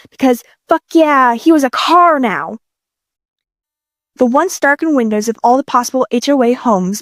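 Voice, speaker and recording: Reading fanfiction aloud, this audiobook narrator keeps things playful and casual, cursing without restraint. She has a slightly high voice, and the recording is dry.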